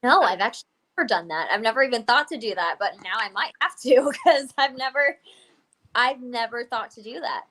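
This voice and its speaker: A young adult woman chatting as a guest, telling an animated story full of "I was like" and laughs. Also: on the high side, brisk. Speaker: guest wrestler. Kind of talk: casual chat, storytelling.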